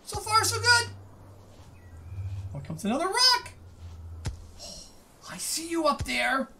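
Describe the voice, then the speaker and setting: Woman gamer, high bright voice, unhurried excited commentary. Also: creaky, slight background noise. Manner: exclaims and laughs often while playing. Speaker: gaming let's-player.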